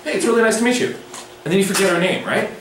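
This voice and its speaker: Middle-aged male instructor, playful and chatty, recorded far off in a boomy hall. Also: rapid-fire, noisy background. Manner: chatty, animated, playful with the audience. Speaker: drawing workshop instructor. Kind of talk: live workshop lecture. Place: large echoey lecture room.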